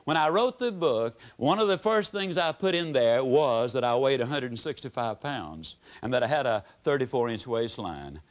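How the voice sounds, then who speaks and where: Animated older man giving a motivational talk. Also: high-pitched. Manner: folksy, storytelling, emphatic with dramatic pauses. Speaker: motivational speaker. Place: seminar hall before a live audience.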